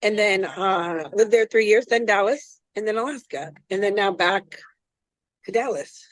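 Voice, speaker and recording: A woman's voice: medium pitch, unhurried, no room sound, low-quality recording. Chatty rambling woman chef, dry sound. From Florida, US. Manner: chatty, rambling, self-deprecating. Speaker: chef and guest. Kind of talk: casual interview chat.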